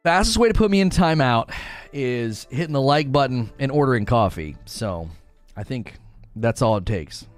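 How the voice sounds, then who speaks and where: A man in his thirties live-streaming, chatting with his viewers in an excitable, teasing way and often breaking into laughter. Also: mid-range voice, normal speed, soft background music.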